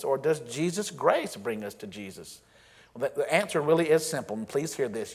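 A man preaching a sermon as pastor, earnest and emphatic, slowing down to stress key phrases. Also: medium pitch, a bit bright. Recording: long reverb of a large hall.

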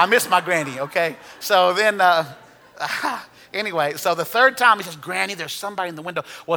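A man's voice: sits high, pushed and bright, big-room sound. A man preaching a sermon, telling a story with humor in a conversational way. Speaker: pastor.

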